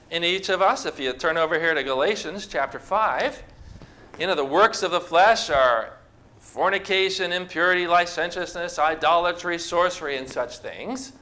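A pastor with a fairly high-pitched, pushed, and bright voice preaches a sermon to a congregation in church. He speaks conversationally and puts questions to the people.

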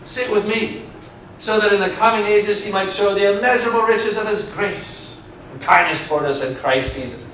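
A male pastor preaching a sermon. His loudness and pace swing widely, and he stretches key words out slowly. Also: sits high, slight background noise. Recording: echoey room, mic far away.

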